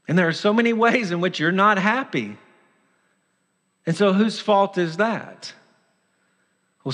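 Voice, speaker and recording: A man's voice: high-pitched, a bit bright. A man preaching a sermon as pastor, earnest and urgent, acting out the voice of sin in short quoted lines. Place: church sanctuary. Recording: long church hall reverb.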